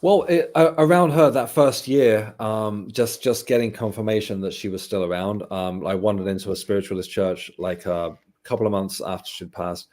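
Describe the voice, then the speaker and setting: Man as a guest, reflective and candid, voice sitting a little low. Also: moderate pace, few pauses, a little mellow. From England. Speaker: guest medium. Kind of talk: casual interview chat.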